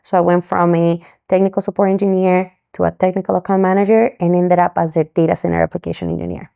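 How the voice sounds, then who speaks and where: Low gravelly woman from Mexico. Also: fast talker. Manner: animated, acts out quoted dialogue. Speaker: guest. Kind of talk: storytelling interview.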